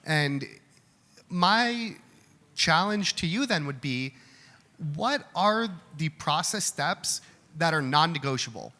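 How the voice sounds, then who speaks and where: He speaks slowly, with a fairly high pitch, a sharp tone and lively intonation. The man is responding to audience questions during a live Q&A in an event hall, candid and chatty, often beginning his words again. You can hear hall reverb and a faint background of room noise.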